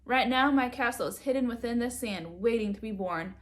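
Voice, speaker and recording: A woman's voice: a little high, a little fast, close to an everyday voice. A woman doing a laid-back teen surfer lifeguard. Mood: dreamy.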